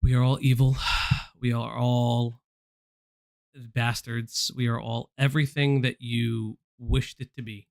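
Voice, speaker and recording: A man's voice: mid-range voice, level tone, a little slow, darkish tone, dry recording. Confrontational man on a livestream. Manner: confrontational, repetitive, addressing someone directly. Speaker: stream host. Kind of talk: livestream commentary.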